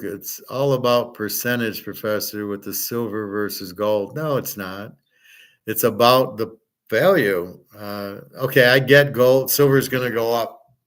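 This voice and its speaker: A man hosting a casual livestream, answering viewers' chat questions in a blunt, opinionated, rambling way. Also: on the low side.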